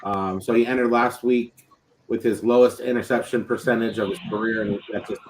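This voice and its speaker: A man's voice: on the low side, brisk, slight background noise, rough recording. A man hosting a sports podcast in casual chat, easygoing as he lays out game stats. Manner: steady, stat-heavy, easygoing. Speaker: podcast host.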